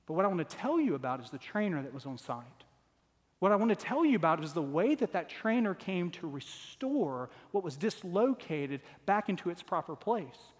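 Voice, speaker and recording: A man in his forties delivers a sermon with a notably high voice, earnest and building toward emphatic, repeated lines. His words ring out with a long reverb, as in a church sanctuary. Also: sing-song, moderate pace. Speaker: pastor.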